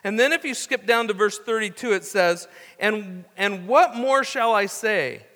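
A man's voice: high-pitched, a little slow, a bit bright, big-room sound. A man preaching a sermon in a conversational way, with restarts and asides as he reads scripture. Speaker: pastor.

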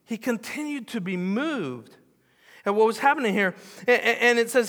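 Animated pastor preaching in a reverberant hall. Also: male voice, sits high, normal speed. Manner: animated storytelling, repeats phrases for emphasis, drops to hushed tones. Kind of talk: sermon. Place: church sanctuary.

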